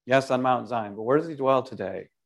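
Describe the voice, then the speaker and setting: A pastor preaching a sermon, leaning on key words and speaking playfully and directly to the congregation. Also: male voice, medium pitch, fairly quick. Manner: emphatic, lingering on key words.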